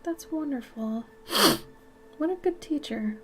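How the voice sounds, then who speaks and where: A young woman with a high, expressive voice paints on a live stream, talking a little slowly over a very noisy recording. Sniffly from allergies, she chats casually with viewers, reading out and answering their messages and swearing whenever she sneezes.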